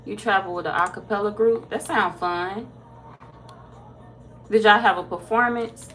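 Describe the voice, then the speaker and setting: A woman's voice: medium pitch, unhurried, a bit bright, a little hiss or hum. Laid-back woman chatting on a livestream. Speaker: tarot reader. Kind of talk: casual livestream chat reading viewer comments.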